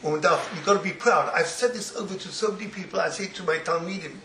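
A man who teaches religious students, giving an informal Torah talk as an animated storyteller who laughs through his words and drops in Yiddish phrases. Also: sits high, fast, very noisy. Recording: roomy echo, faint ambience.

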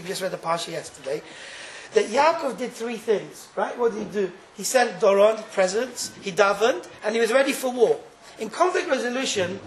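A man giving an informal Torah class, telling stories in an animated way and laughing often. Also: sits high, reverberant, slight background noise, rough recording. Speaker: Torah teacher.

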